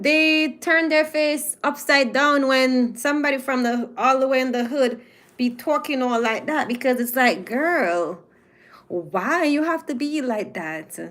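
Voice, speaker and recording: A woman's voice: sits high, fairly bright tone. A woman from Jamaica with a Jamaican accent, giving a casual, opinionated commentary monologue and stretching out her emphatic phrases. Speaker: commentary host.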